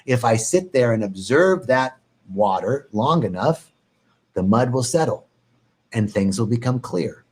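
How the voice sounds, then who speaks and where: Man, meditation teacher on a live stream, calm and reflective, repeats phrases, playful bursts of mock worry. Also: medium pitch, measured pace, slightly rough.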